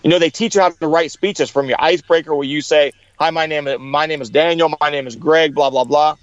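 A middle-aged man with a fairly high voice tells his story, acting out the people he quotes. The recording is dry and a little dull. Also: steady tone, a little fast, no room sound. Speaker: guest. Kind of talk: storytelling in an interview.

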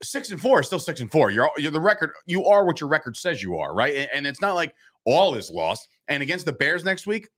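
A man talking football in a loose, excitable way, with a bright, forceful tone. He rants fast, jumps between points and curses freely. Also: fairly high pitch. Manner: animated, swears freely, quick rants. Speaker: sports podcast co-host. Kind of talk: casual sports talk.

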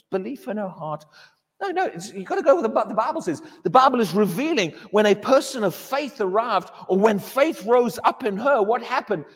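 High-voiced man preaching in an echoing hall. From England. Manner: emphatic, repeats words, mocks a wailing believer in a high voice. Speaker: pastor. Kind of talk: sermon. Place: church hall. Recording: long hall reverb.

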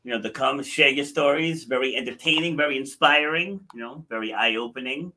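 A man's voice: mid-range voice, a little fast, bright, forceful tone. A male podcast host in a casual interview, closing with friendly thanks and short affirmations.

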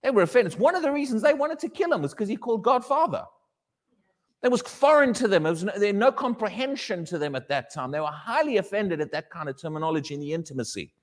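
A man preaching a sermon to a congregation, animated and questioning his listeners, often acting out little dialogues. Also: sits high, fast talker, long reverb tail.

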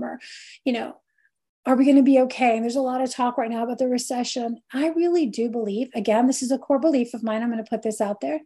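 A woman speaks in a mellow, slightly high voice, earnest and reflective. She gives a faith-based wellness talk, weaving in scripture quotes and casual fillers. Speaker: host.

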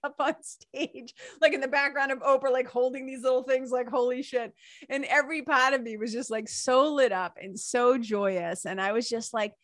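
A woman's voice: a little high, dry recording, studio quality. A woman telling a personal story in a casual, emotional monologue, full of fillers and laughter. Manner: animated, emotional, many fillers like "like" and "you know"; breaks into laughter. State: emotional, near tears.

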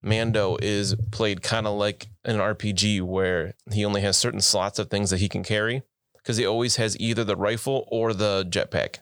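A man's voice: fairly low pitch, steady tone, moderate pace, a bit bright, smooth, no echo, clean studio sound. A man co-hosting a podcast, arguing points playfully in casual chat. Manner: playfully argumentative. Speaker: podcast co-host.

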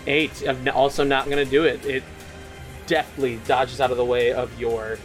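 A man's voice: medium pitch, little pitch movement, normal speed, faint music behind. A man narrating a tabletop game as game master, casual and laughing, swearing freely.

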